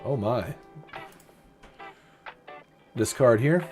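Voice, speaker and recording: A man's voice: mid-range voice, lively intonation, extremely slow, darkish tone. A middle-aged man hosting a casual live stream, chatty and openly sentimental, reading viewer comments aloud and answering them. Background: faint lo-fi music.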